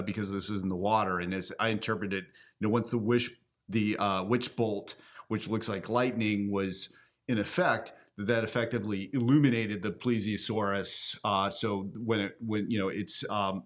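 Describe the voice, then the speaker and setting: Male host with a low voice for a casual commentary show; talks in loose, restarting ramble. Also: a bit bright. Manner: rambling, full of fillers and restarts.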